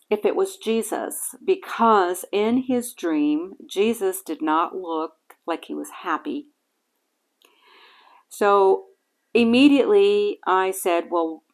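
A woman talks through a bible chapter on her own podcast. Her voice sits a little low and she moves at an unhurried pace. She pauses often, fills gaps with fillers and restarts her sentences, earnest and reflective throughout. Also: gravelly. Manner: halting, with frequent fillers and restarts. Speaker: podcast host reading scripture. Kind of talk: casual bible-reading podcast talk.

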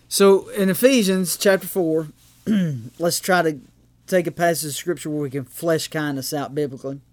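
A man with a high-pitched voice preaches a conversational sermon, checking in with the room with quick asides and restarting his phrases. The sound is dry and close, with no room echo. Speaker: pastor.

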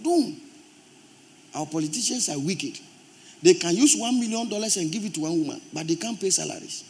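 A man with a Ghanaian accent preaching a sermon in church, forceful and emphatic, rising to loud outbursts. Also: high-pitched, expressive, brisk, a little hiss or hum. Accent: Ghanaian English. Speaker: pastor.

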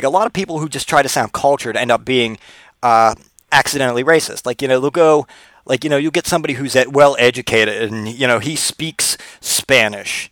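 A man's voice: fairly high pitch, fairly bright tone, no room sound. A man hosting a comedy podcast, delivering a rambling, profane, digressive monologue. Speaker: podcast host.

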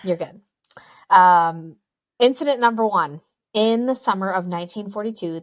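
A woman's voice: lowish voice, a bit bright, dry recording. A woman podcast co-host telling a spooky story in casual chat, joking asides and reading out an old news article. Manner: chatty, jokey asides, frequent ums.

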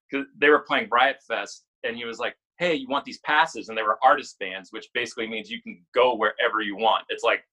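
A man in his forties spins an animated story in loose conversation. His voice is bright and forceful. He swears freely and laughs often. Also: medium pitch, poor audio. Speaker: guest musician. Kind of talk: casual storytelling chat.

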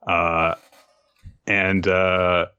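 A man co-hosting a podcast, recapping a comic in an animated, rambling way with frequent laughs. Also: sits low, very slow, smooth, highs cut off. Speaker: podcast co-host.

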